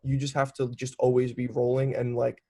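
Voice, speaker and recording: A man's voice: mid-range voice, brisk. A young man in his twenties, a documentary filmmaker, talking casually in an interview with many "like" fillers. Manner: chatty, lots of "like" fillers, animated storytelling.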